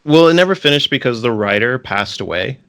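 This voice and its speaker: A man co-hosting a podcast, talking casually and haltingly, with frequent ums and restarts. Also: medium pitch, animated, fairly bright tone, clean tone. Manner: hesitant, lots of ums and restarts. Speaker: podcast co-host. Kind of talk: casual chat.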